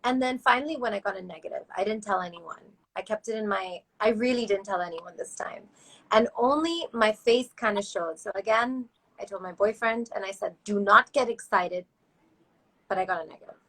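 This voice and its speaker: A woman recounting a personal experience as an interview guest, animated and acting out other people's lines. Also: mid-range voice, brisk, low-quality recording. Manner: animated, acts out voices in quotes.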